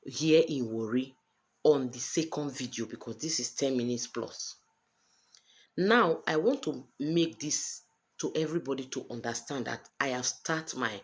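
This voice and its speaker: A Nigerian woman in her thirties talking straight to camera in a personal vlog, speaking in an emphatic, earnest way and repeating her points. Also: extremely low pitch. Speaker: vlogger sharing a personal story.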